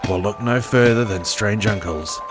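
A man's voice: fairly low pitch, normal speed, close to an everyday voice. A man reading a podcast promo in a put-on Australian accent. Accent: fake Australian. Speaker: promo announcer. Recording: over background music.

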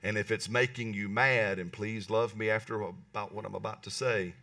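A man preaching a lively sermon in church, often asking the congregation "right?" and pausing for answers. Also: fairly low pitch, distant mic. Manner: animated, talks to the congregation with calls like "right?". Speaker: pastor. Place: church hall.

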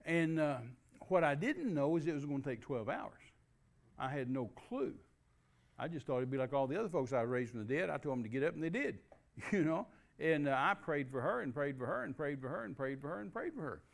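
Older guy preaching, folksy storyteller, voice a bit high. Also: expressive, brisk, creaky. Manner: folksy storytelling with restarts and laughs. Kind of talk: sermon storytelling.

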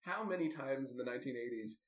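A man's voice: medium pitch, expressive, fast talker. A man casually recapping a movie with a co-host, wry and amused, with lots of asides. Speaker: podcast co-host. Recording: roomy echoey room.

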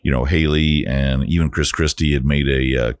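A man co-hosting a casual political podcast, with relaxed, laid-back asides. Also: extremely low pitch, moderate pace, no echo. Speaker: podcast co-host.

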